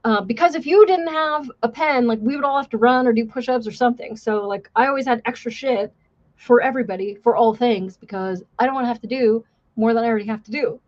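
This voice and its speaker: A woman's voice: on the high side, fast, muffled recording. A woman livestream host, a former police officer, chatting casually and a bit profanely, mocking herself and reading out chat messages.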